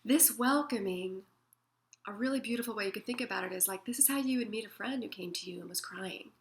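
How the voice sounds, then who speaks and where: A woman teaching an emotional wellness method in a gentle, soothing way, sometimes acting out feelings as she talks. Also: mid-range voice, quick pace, gravelly. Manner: gentle, soothing, acts out feelings in quoted asides. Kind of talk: guided self-help talk.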